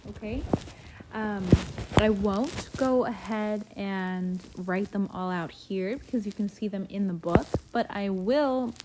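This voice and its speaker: A woman talks through a recorded classroom lesson at an unhurried pace, patient and explanatory, pausing often to check that listeners are following. Her voice sits at an ordinary middle pitch, and a faint hiss with small clicks runs underneath. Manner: patient, explanatory, frequent "okay?" check-ins. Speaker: Spanish teacher.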